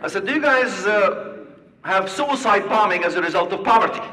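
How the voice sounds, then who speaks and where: Man, animated storyteller, bright voice, distant mic, echoing hall. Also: high-pitched, moderate pace. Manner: animated storyteller acting out dialogue. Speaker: speaker giving a talk. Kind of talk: storytelling talk to an audience.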